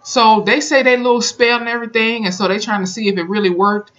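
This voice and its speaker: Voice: mid-range voice, level tone, quick pace, fairly bright tone, highs cut off. A YouTuber recapping and reviewing a TV episode in a casual, colloquial way, telling the story with lots of emphasis. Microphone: camera mic.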